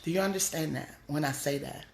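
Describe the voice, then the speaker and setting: A woman comedian giving a blunt, scolding motivational talk, pushing her voice up high to drive points home. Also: a little fast, vocal fry, echoey room, slight background noise. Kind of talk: preachy motivational monologue.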